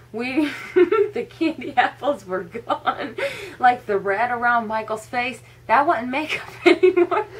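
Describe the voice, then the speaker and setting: A young woman with a slightly high voice tells a story straight to her viewers. She giggles through her sentences and leans on "like" constantly, in a loose, chatty vlog delivery. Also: slightly rough. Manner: laughs often while telling a story, many "like" fillers. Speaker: vlogger. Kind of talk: casual storytelling.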